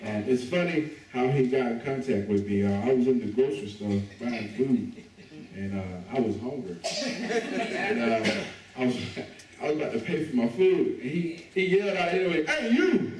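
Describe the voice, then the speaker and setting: A man preaching as a guest in church, relaxed and joking, calling on the congregation to answer back. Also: mid-range voice, moderate pace. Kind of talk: sermon with call and response. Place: church sanctuary. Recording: echoey church heard from a distance.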